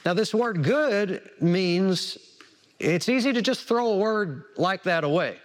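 A man's voice: high-pitched, expressive, a little slow. A man preaching a sermon, repeating words for emphasis and asking the congregation questions. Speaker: pastor.

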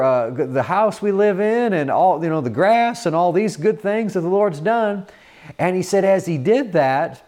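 A man preaching a sermon in an earnest manner, often repeating words and filling pauses with "uh". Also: on the high side, darkish tone.

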